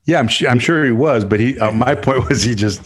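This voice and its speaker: A man telling a story in casual podcast chat, easygoing and unhurried, chuckling between lines. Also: medium pitch. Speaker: podcast co-host, former tight end.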